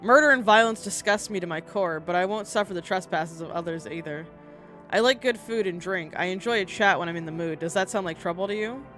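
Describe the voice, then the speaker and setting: A woman's voice: lowish voice, fairly quick, fairly bright tone, natural voice. A woman voicing a mysterious stranger asking to be let in, in a genteel, wordy and mildly menacing manner, with faint music behind. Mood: pleading, courteous. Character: mysterious stranger begging shelter at the door.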